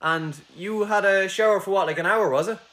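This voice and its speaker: Laid-back Irish lad hosting a podcast. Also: male voice, high-pitched, fairly quick, background noise. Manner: laid-back, swears freely, laughs easily. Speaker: podcast host. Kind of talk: casual chat.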